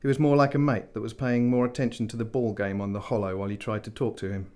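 A man with a fairly low voice narrates a science fiction audiobook. His delivery is dry, measured and steady between the characters' lines. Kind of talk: scripted narration.

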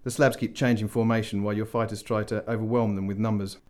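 A man's voice: on the low side, level tone, fast talker, a little mellow, lightly acted. A man voicing Death as a casual, thirtyish man, offhand and mildly amused. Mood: explaining.

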